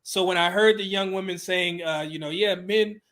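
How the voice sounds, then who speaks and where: High-voiced man telling a candid story. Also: fairly even intonation, a little fast, background noise. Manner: casual, with frequent "you know" fillers and swearing.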